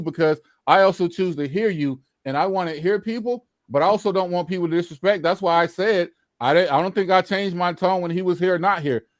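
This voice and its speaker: A man's voice: on the high side, no room sound. Earnest Southern man, dry close sound. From Louisiana, Mississippi. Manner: earnest, repeats himself, swears. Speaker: panelist on a live-stream discussion. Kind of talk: impassioned casual talk.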